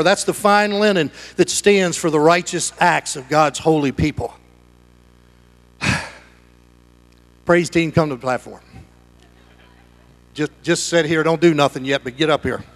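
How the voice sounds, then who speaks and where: A middle-aged man preaching a sermon in a church sanctuary, animated, dropping to hushed asides and rising to shouts. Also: a little high, unhurried, creaky, pauses often. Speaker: pastor.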